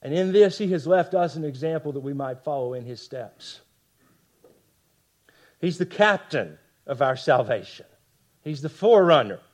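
A man preaching a sermon with passion, dropping to hushed lines for emphasis and tossing rhetorical asides to the congregation. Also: high voice. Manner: impassioned, swings from loud emphasis to hushed lines. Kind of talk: expository sermon.

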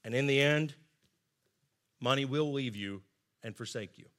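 A middle-aged man preaching a sermon, earnest and emphatic, often dropping to soft asides. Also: medium pitch, a little slow. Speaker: pastor.

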